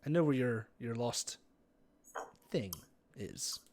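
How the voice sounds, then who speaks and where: A sly male informant speaks slowly and sinks into a low murmur, played by a man running a tabletop game. He sounds knowing. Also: expressive, a little mellow.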